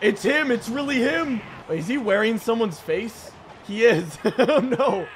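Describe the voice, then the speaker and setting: A young man streaming a game, joking and reacting excitedly to the action. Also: extremely high pitch, a little slow, a little hiss or hum. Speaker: gaming streamer. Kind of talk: let's play commentary.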